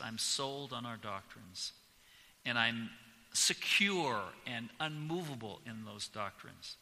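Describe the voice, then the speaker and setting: A pastor preaching a sermon in a church, speaking slowly and with strong emphasis. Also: male voice, medium pitch, creaky, pushed and bright. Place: church sanctuary. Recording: long church reverb.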